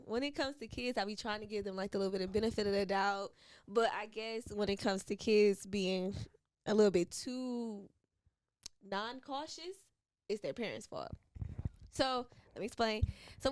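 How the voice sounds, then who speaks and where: A young woman co-hosting a podcast, telling a story in casual chat and acting out quotes in high voices, swearing freely. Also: clean tone, no echo. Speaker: podcast co-host.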